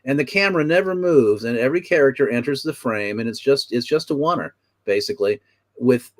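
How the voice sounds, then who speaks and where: An older actor speaks as a guest in a casual interview. He explains his craft in a thoughtful, articulate way with a wry edge. His voice is mid-pitched for a man. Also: lively intonation, brisk.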